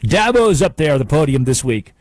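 Male sports talk host, fairly high voice with big swings, sarcastic punch, dry studio sound. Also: brisk, dry recording. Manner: emphatic, animated, sarcastic. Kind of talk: sports talk radio monologue.

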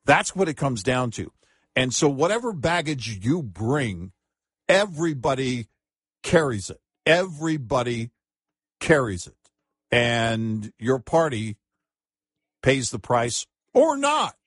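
A man's voice: mid-range voice, very animated, slow pace, pauses often, breathy edge, no room sound. A man co-hosting a talk radio show, chatting casually about politics and chiming in with short agreeing remarks.

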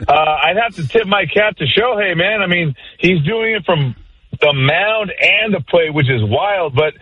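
A man's voice: high-pitched, lively intonation, measured pace. A man calling in to a radio show, casual and enthusiastic with slangy talk. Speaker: caller. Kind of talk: phone-in praise to host. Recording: tinny phone line.

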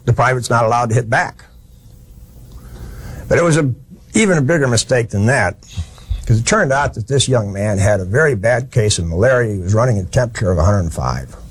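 A man's voice: mid-range voice, lively intonation, a little fast, husky. A man giving a history lecture, telling it as a plain-spoken, folksy story with frequent restarts.

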